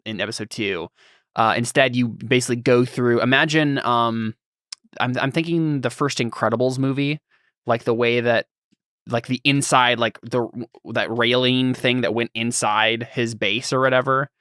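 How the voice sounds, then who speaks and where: A man's voice: mid-range voice, steady tone, moderate pace, fairly bright tone, smooth, no room sound. Male game master, medium voice, rambling, word-searching narration, dry close sound. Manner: rambling, searching for words as he describes.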